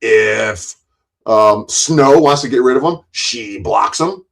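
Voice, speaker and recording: A man's voice: medium pitch, slow, gravelly, fairly bright tone, rough recording. A man hosting a live stream, ranting angrily with lots of cursing and rambling restarts.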